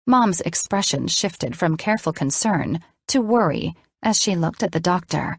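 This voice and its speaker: A woman narrating a first-person audiobook in a measured, expressive storytelling voice. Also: on the low side, vocal fry, breathy edge, no room sound, clean studio sound.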